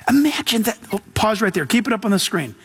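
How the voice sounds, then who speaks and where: A man preaching a sermon as pastor, casual and animated, with slang and laughter. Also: high-pitched, moderate pace, breathy edge.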